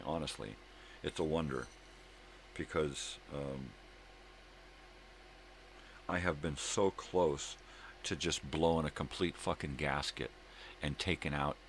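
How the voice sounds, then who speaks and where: Very deep gravelly man ranting. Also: slight background noise. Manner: profane, angry ranting. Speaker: daily video show host. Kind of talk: casual monologue.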